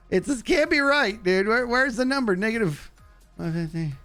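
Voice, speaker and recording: Lively goofy male game streamer. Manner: goofy, talks to chat, jumps high in excitement. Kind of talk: live gameplay commentary.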